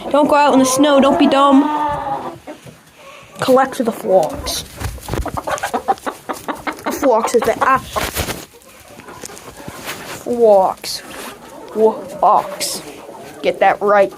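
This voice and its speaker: High-voiced woman cooing to her chickens. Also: expressive, takes it slowly, long pauses. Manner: playful baby talk to pets. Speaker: backyard chicken keeper. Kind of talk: casual vlog chatter to her chickens. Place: outdoor chicken coop. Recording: noisy coop with clucking hens. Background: chickens clucking.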